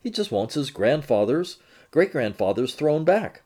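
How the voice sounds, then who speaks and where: A man narrates his own magazine feature at a medium pitch. His delivery is measured and expressive, like a storyteller reporting his findings.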